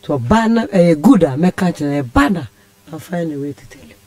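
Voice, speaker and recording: A woman's voice: deep voice, expressive, a little fast, a little mellow, no echo. A Ghanaian woman telling a personal story as a radio guest, impassioned and rambling. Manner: impassioned, rambling, switches languages. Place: radio studio.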